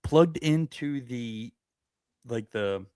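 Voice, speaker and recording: A man's voice: medium pitch, expressive, extremely slow, darkish tone, clear, resonant tone, dry recording, studio quality. A man in his thirties telling a rambling story in casual podcast chat, restarting his sentences. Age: 30s. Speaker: podcast co-host.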